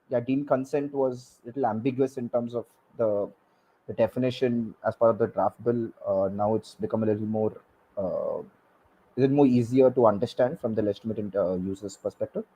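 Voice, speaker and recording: A man, speaking as a guest expert on a panel, halting and repeating words with many fillers. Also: mid-range voice, darkish tone, breathy edge, poor audio. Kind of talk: panel discussion.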